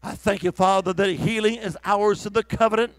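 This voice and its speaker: A man's voice: high-pitched, steady tone, brisk, dry recording. A man preaching a revival sermon, exhorting the congregation with fervent calls of hallelujah.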